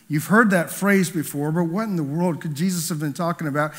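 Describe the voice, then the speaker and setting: A man's voice: fairly high pitch, brisk, hardly any pauses. A man, the pastor, preaching a conversational sermon, telling a story and asking the congregation questions. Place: church hall. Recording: long hall reverb.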